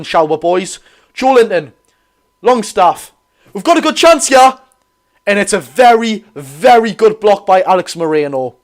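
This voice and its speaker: Geordie man commentating a football watch-along. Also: sits high. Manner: chatty, self-correcting, reads out viewer comments. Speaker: live watch-along host. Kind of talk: live football commentary and chat.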